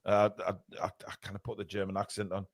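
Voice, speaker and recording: A man commentating live on a match for fans, excitable, shouting when play heats up and swearing in jokey banter. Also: fairly low pitch, fast talker, vocal fry. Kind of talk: fan watchalong commentary.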